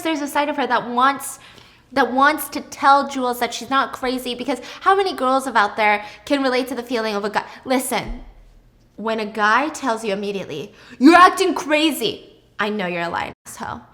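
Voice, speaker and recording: A woman hosting a casual movie recap, chatty and animated, swearing freely as she tells it. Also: a little high, brisk. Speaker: host.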